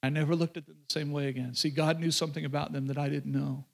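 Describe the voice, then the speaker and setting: A man's voice: fairly high pitch, little pitch movement, fast, vocal fry. A man preaching a sermon to a congregation as pastor, in a conversational way, with joking asides, repeated phrases and restarts.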